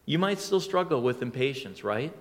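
A man's voice: medium pitch, sing-song, normal speed, big-room sound. A male pastor preaching a sermon in a conversational, storytelling way that now and then swells into emphatic lines.

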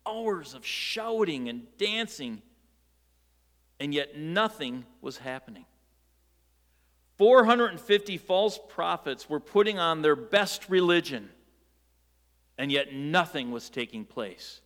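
A man preaching a sermon, telling the story in a lively way with rhetorical questions and light jokes. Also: on the high side, measured pace, big-room sound. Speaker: pastor.

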